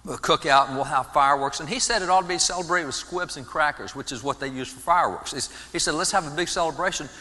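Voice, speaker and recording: A man giving an animated sermon-style history talk in a church, often restarting his words. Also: on the high side, fast talker, hardly any pauses. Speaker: guest speaker on history. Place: large church sanctuary. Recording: long church reverb.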